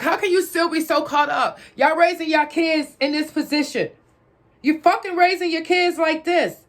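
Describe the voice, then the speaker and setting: A woman's voice: high voice, fairly bright tone. A woman giving a blunt, profane, lecturing rant straight to her audience, repeating her questions for emphasis. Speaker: vlogger. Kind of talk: direct-to-camera rant.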